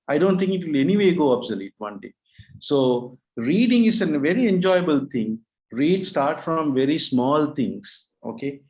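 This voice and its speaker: A man's voice: medium pitch, darkish tone, low-quality recording. A man co-hosting a webinar on learning English, talking casually with frequent restarts and tag questions. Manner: chatty, restarts often, rhetorical tag questions. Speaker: webinar co-host, English trainer. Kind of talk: casual educational talk.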